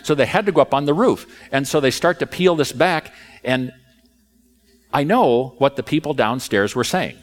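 A man preaching a sermon in a conversational, animated storytelling manner. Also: medium pitch, normal speed.

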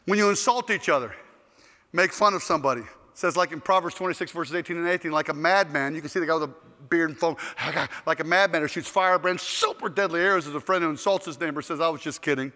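A man preaching a storytelling sermon in an animated, joking way, acting out the people in his stories, recorded with echoey hall reverb in a large hall. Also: a little high, fast talker.

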